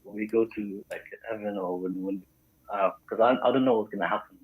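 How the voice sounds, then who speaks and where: Halting male caller, low and husky, over a tinny phone line. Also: steady tone. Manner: hesitant, halting, many fillers. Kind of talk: phone call.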